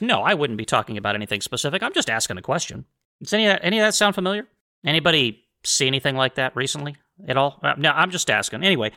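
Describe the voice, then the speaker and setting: A man's voice: mid-range voice, sharp tone. A man hosting a history podcast, talking in a mocking, sarcastic, rambling way and restarting his sentences. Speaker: podcast host.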